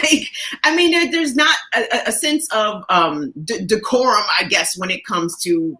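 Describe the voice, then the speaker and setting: A woman's voice: a little high, very animated, moderate pace, sharp tone. A woman in her forties co-hosting a morning talk show, chatting casually with laughing asides. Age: 40s. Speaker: show co-host. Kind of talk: casual chat.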